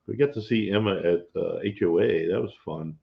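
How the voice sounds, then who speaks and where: Husband co-hosting a live stream; gravelly, playful, muffled lo-fi audio. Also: male voice, low-pitched, fairly quick. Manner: chatty, laughs often, playful teasing. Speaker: co-host of a homestead live stream. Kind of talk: casual chat.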